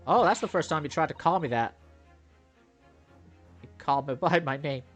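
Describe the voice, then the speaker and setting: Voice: mid-range voice, normal speed, faint music behind, natural voice. A game player voicing a prickly young woman thief who speaks, sullen and defensive.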